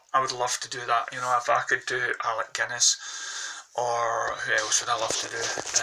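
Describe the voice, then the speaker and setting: Give me a meandering Glaswegian man vlogging on a phone, with a gravelly, bright voice. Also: medium pitch, monotone, a little fast, poor audio. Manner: rambling, hesitant, meandering. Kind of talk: casual rambling monologue. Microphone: phone held close.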